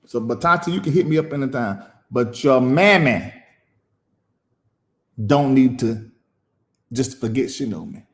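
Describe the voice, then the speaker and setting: Delivering emotional live-stream commentary, this preacher and show host speaks with medium pitch and expressive delivery, repeating phrases emphatically and leaving long pauses in a preachy style. The recording is reverberant.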